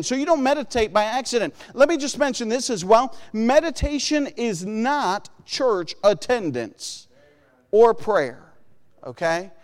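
A man preaching a sermon in an earnest way, often acting out the voices he quotes. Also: very high voice. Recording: long hall reverb.

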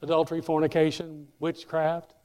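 A male pastor preaching a sermon in a church, animated and speaking directly to members of the congregation by name. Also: on the high side, moderate pace, clear, resonant tone, long reverb tail.

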